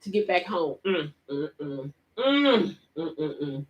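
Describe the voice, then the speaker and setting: Woman, vlogger, casual storytelling, animated, swooping pitch. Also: takes it slowly, muffled recording. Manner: animated retelling, laughs often, speaks straight to viewers. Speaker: vlogger hosting a live chat.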